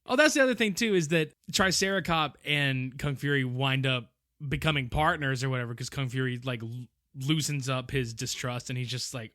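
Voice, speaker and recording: A man co-hosting a podcast, recapping a film in casual chat, animated, laughing often and swearing casually. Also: mid-range voice, moderate pace, no echo, studio quality. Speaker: podcast co-host.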